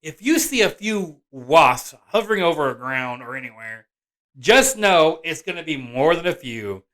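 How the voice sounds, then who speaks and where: A man in a vlog tells a personal story in an excitable, rambling way. He keeps stumbling into restarts and self-corrections. His voice sits a little high and comes across bright and forceful. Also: normal speed. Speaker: vlog host and father. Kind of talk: animated personal storytelling to camera.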